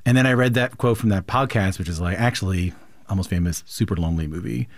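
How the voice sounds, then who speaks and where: A low-voiced man leads an interview, thinking aloud in a reflective, halting way. The sound is dry, with no room echo. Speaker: interviewer, host. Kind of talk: conversational interview.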